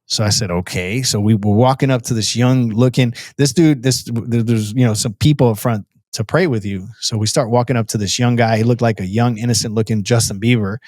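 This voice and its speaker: A man's voice: medium pitch, steady tone, fairly quick, few pauses, a little mellow, no room sound, studio quality. A man as a podcast guest telling his personal testimony in an earnest, storytelling way, with frequent restarts and a casual "bro" to the host.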